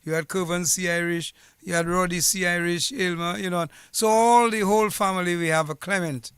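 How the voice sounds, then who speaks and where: A man's voice: sits high, fairly even intonation, fairly quick, a bit bright, smooth, no room sound. A man from Dominica, a former police officer telling his family history in an earnest, formal, rambling way on a radio interview in a studio. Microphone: studio mic with headset.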